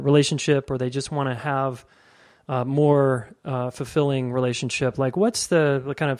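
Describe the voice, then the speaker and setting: Male podcast host, mid-pitched, casual and upbeat, lots of affirmation. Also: a little mellow. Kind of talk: interview and wrap-up narration.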